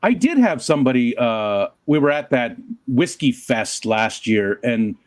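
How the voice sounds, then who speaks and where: A man in easygoing banter, his voice swooping up and down as he acts out quotes in his stories. His pitch is mid-range, and the sound is close and dry, with no room echo. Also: unhurried. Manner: expressive, jokey, acts out quotes. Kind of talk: casual chat.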